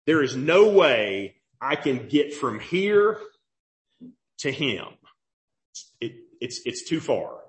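A man preaching a sermon in a conversational way, often checking in with "okay?" and "right?", and slowing down and dropping low when he quotes scripture. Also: sing-song. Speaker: pastor.

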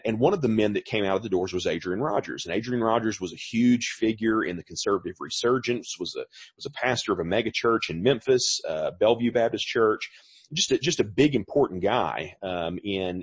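A middle-aged man delivering a sermon with a low, husky voice. He talks in a loose, conversational way, stopping for fillers and restarting his phrases. The recording is dry, with almost no room sound. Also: normal speed, no room sound. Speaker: pastor.

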